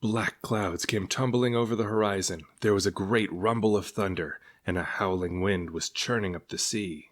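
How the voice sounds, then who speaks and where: A man with a fairly low voice reads a children's book aloud. He tells the story expressively, as a parent reading to a child. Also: normal speed, hardly any pauses.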